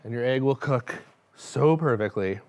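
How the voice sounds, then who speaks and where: A man's voice: mid-range voice, moderate pace, darkish tone. A man hosting a cooking show, chatting in a rambling, self-mocking, nervous-joking way. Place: studio kitchen.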